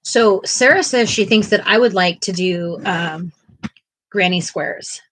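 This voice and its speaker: A woman's voice: mid-range voice, a little slow, fairly bright tone, a little hiss or hum, poor audio. A woman co-hosting a casual art livestream, chatting in a self-deprecating way and laughing often, and now and then cooing to her pet. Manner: cooing baby talk to a pet.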